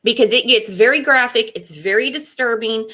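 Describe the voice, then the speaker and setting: A woman's voice: a little high, normal speed, pushed and bright. A woman co-hosting a casual true-crime discussion, outspoken and sarcastic. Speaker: podcast co-host.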